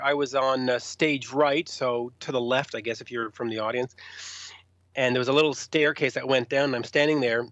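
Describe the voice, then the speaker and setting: A man telling rock stories in an interview, animated, raising his voice to act out quotes. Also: medium pitch, no echo. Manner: animated, acts out quotes in a raised voice. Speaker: rock journalist guest. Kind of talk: storytelling interview. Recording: dull, lo-fi sound.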